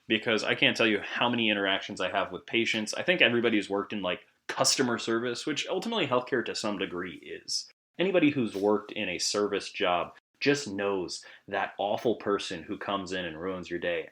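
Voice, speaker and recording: A man with a fairly low voice trading stories with friends on a podcast. He talks in a chatty, animated way and often laughs along. The talk is loose and conversational. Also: a little fast. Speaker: podcast co-host, medical professional. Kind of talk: casual podcast chat.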